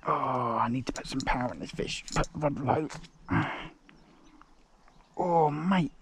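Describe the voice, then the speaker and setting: A man commenting on his own fishing as he fights a fish, excited and muttering, straining with an aching arm. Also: on the high side, measured pace, slight background noise. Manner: excited, breathless exclamations, muttered asides. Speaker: fishing vlogger. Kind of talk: live commentary while fishing. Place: outdoors by a lake.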